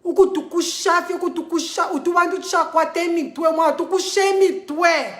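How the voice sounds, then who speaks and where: A woman's voice: high voice, roomy sound. A Zambian woman speaking angrily and emphatically to camera, switching between English and a local language. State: angry. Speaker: model addressing followers. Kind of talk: impassioned vlog to camera.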